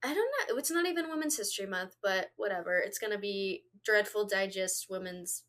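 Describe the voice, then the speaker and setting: A woman's voice: mid-range voice, brisk, a bit bright. A woman co-hosting a podcast in casual chat, laughing often between her remarks. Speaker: podcast co-host. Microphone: home podcast microphone.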